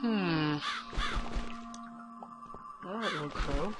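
A man's voice: on the high side, very slow, loud music behind the voice. A young man joking and swearing through rambling commentary while playing a video game. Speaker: let's play gamer. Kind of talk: profane sarcastic game commentary.

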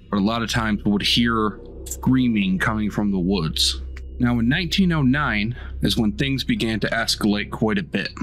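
A man hosting a podcast, telling a folk legend in a steady, matter-of-fact way between jokes with his co-hosts. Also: mid-range voice. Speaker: podcast host. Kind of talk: storytelling narration with banter.

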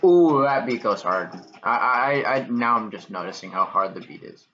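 A young man giving casual reaction commentary on songs, excitable and swearing often. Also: mid-range voice, normal speed. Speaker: music reaction reviewer. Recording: dull lo-fi mic with music playing. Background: music playing.

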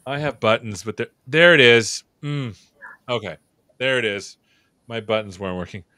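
Male show host: bright and forceful, playful and teasing, close and dry. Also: mid-range voice, normal speed, no echo. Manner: playful, joking, animated. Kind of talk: livestream chat and hosting.

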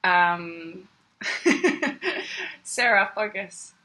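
A woman's voice: medium pitch, sing-song, very slow, sharp tone. An Australian woman teaching meditation on a casual livestream, chatty and greeting viewers by name. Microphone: phone.

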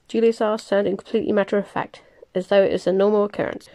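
A woman reading a novel aloud, plain and unhurried, with small slips she corrects as she goes. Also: medium pitch, fairly even intonation, mellow. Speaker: reader. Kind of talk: audiobook-style novel reading.

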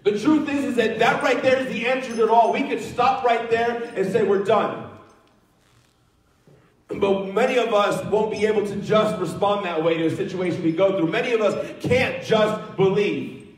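Guy preaching in a church, kinda high voice, super echoey room, earnest, lots of restarts. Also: normal speed. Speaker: pastor. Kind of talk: sermon. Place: church sanctuary. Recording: echoey church hall, mic at a distance.

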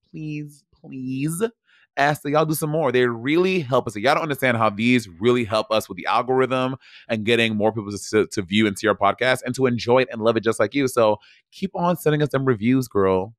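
A man's voice: medium pitch, fairly quick, no room sound, studio quality. A man co-hosting a podcast in loose, joking casual chat. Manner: loose, joking, full of fillers and restarts. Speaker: podcast co-host.

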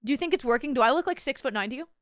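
A woman's voice: high-pitched, animated, very fast, no echo, studio quality. A young woman streaming as a VTuber, telling a story in casual chat, bubbly and giggly and swearing constantly.

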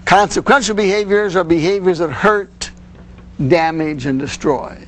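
Male parenting instructor, high-pitched, earnest lecture delivery, faint hum behind. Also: normal speed. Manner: earnest, with frequent "you see".

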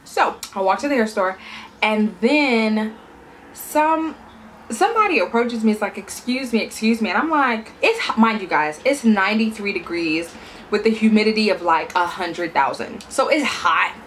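A woman's voice: medium pitch, expressive, moderate pace, fairly bright tone, a little hiss or hum. A young woman vlogger chatting casually and telling stories while she eats, acting out the voices of people she quotes.

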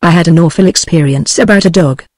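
A woman's voice: fairly low pitch, quick pace, dry recording, studio quality, close to an everyday voice. Skiddy, a nervous tipsy young man, read by a synthetic British woman. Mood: rambling. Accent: British English. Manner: flat synthetic delivery. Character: nervous, tipsy young man rambling about his dog.

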